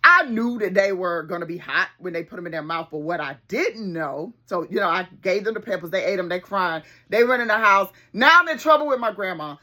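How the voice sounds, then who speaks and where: A middle-aged woman, telling a childhood story to her viewers in an animated, folksy way. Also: fairly low pitch, fairly quick, hardly any pauses. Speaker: therapist and video host.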